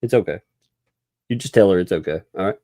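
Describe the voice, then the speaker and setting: A man's voice: low-pitched, fast talker, dark tone, dry recording. Guy hosting a live stream, rambly and chuckly, super dry close sound. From Oklahoma. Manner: rambling, chuckles often, thanks viewers. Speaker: livestream host. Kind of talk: casual live stream chat.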